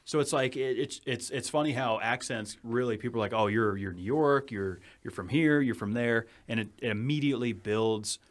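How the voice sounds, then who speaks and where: A man's voice: medium pitch, normal speed, few pauses. A man from New England hosting a podcast, upbeat and joking, often saying "you know". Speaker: podcast host. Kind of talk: casual podcast chat.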